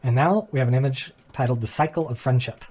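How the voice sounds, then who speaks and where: This mid-range male voice is fast and darkish. He's a philosophy channel host whose earnest, reflective talk builds rhetorical questions and walks through diagrams, punctuated by casual asides with fillers and small laughs.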